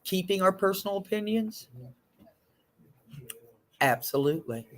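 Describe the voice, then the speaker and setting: Slow-talking frank woman leading a group. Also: mid-range voice. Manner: frank and lively, with blunt asides. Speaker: group facilitator. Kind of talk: leading a group session on stress.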